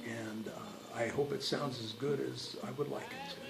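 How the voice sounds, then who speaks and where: Man, stage actor, unhurried and reflective, mid-pitched voice, echoey room. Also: steady tone, vocal fry, over loud music. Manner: thoughtful, with frequent hesitations. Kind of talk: promotional interview.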